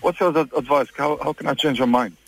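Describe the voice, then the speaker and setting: Male phone caller, rushed and halting, heard over the line. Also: on the high side, soft background music, poor audio. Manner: hurried, hesitant. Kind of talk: phone call to radio.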